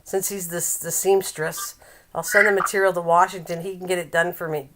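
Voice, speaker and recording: An older woman hosts a casual live-stream chat. She teases her viewers, laughs often and reads a recipe aloud haltingly. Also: fairly low pitch, fairly even intonation, heavy background noise. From Canada.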